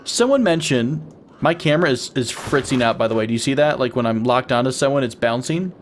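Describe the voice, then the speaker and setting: A young man at home talks casually over his game, playful and quick to break into wheezing giggles. His voice sits at a medium pitch, recorded on a desk mic with a faint hiss behind it. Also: expressive. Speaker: gaming channel host.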